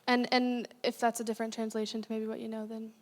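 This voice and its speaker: A young adult woman, appearing as a guest speaker in a church sanctuary, preaches a sermon in a conversational, candid way with frequent asides and self-corrections. Her voice is a little high, her delivery flat, and her pace quick. The recording has long hall reverb.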